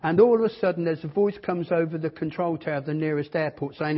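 Husky preacher in a hall. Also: male voice, fairly high pitch, a little fast, few pauses. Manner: humorous storytelling, then earnest preaching. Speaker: guest preacher. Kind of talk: sermon with jokes. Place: church. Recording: dull lo-fi recording in a reverberant church hall.

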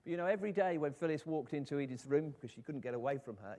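A man's voice: on the high side, fast talker, hardly any pauses, mellow. A man preaching a sermon, telling a story in an earnest voice and rising to fervent appeals.

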